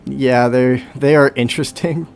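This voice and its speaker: A man's voice: medium pitch, steady tone, unhurried, slight background noise. A young man chatting casually on a livestream while playing, rambling and talking to himself. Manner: rambling, self-talk with hums and sound effects. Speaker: streamer.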